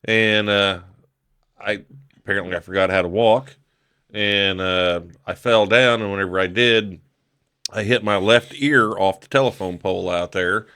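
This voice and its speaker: A man's voice: fairly low pitch, measured pace, pushed and bright, smooth. A man on a podcast telling a rambling story, laughing often and swearing freely. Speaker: podcast guest. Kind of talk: casual storytelling.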